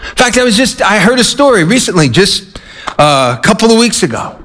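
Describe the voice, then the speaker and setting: A man's voice: sits high, sing-song, brisk, fairly bright tone. A man preaching a sermon, earnest and emphatic, telling anecdotes to make his point. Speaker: pastor.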